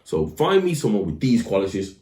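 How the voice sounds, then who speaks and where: Animated man, lively storyteller. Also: fairly quick. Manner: animated storytelling, acts out voices with big pitch jumps. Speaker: podcast co-host. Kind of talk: casual chat. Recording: roomy echo.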